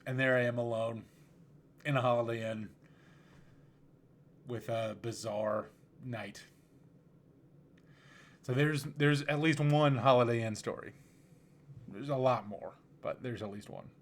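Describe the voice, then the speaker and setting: A man hosting a podcast, telling a story casually in a relaxed, rambling way with frequent restarts. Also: medium pitch, measured pace, pauses often. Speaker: podcast host.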